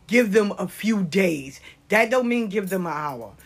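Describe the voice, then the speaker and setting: With a mid-range, breathy voice and lively intonation, she talks at a measured pace. The older woman with nine grandkids shares life lessons in a casual, passionate storytelling monologue, frequently dropping to a whisper.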